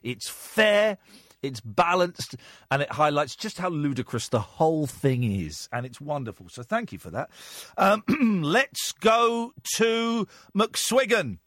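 A man's voice: on the high side, sing-song, takes it slowly, a bit bright, no echo, clean studio sound. A man hosting a late-night radio phone-in, joking with callers, full of restarts and mock voices. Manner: jokey, slips into mock advert voices and accents, many restarts. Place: radio studio. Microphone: studio microphone.

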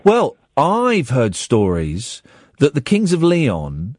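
A man chatting on a radio show, rambling and tripping over restarts as he talks. His voice sits somewhat high and swings about animatedly. The sound is dry and close. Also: wildly swooping pitch, slow pace, darkish tone, dry recording. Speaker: radio host. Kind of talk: casual radio chat.

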